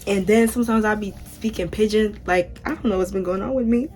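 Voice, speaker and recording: A woman's voice: medium pitch, brisk, darkish tone, soft background music. A young American woman chatting casually to her viewers while unboxing and fitting a wig. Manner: chatty, talks straight to viewers with "y'all". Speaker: vlogger.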